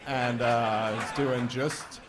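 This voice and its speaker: A man's voice: medium pitch, steady tone. Man, stand-up comedian, wisecracking, conversational, stage microphone, faint background noise. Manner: wisecracking, loose and conversational, quick asides. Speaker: stand-up comedian warming up a debate crowd. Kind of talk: live stand-up routine. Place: event stage before a live audience.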